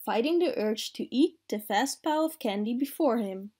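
A woman reading a children's picture book aloud in a slow, clear, expressive way. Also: a little high. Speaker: storyteller.

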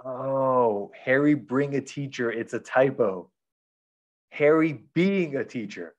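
A man's voice: medium pitch, slow, a little mellow, lo-fi sound. A man retelling a book plot in casual chat as a podcast reviewer, rambling with lots of fillers.

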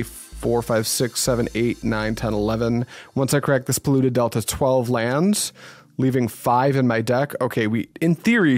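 A man at an ordinary middle pitch talks through his card game as he plays, musing over each move and pleading with his opponent. He grumbles and swears when a draw goes badly. Soft music plays faintly behind him. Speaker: card game video commentator. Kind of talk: casual live gameplay commentary.

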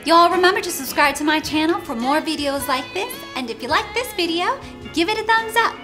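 A woman's voice: extremely high pitch, expressive, fairly quick, over music, voice pushed up. A woman voicing a cheery Southern-accented woman who signs off with an exaggerated, folksy drawl. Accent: put-on Southern US.

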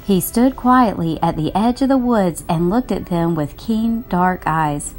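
A woman reading a children's picture book aloud, telling the story in an expressive, gently paced way. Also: lowish voice, measured pace, soft background music. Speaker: storybook reader.

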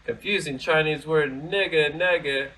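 In poor audio, a man with a highish, sharp voice hosts a casual commentary video, unhurriedly reading out news stories. His reactions are blunt, sarcastic and heavily profane, and he frequently starts his lines over.

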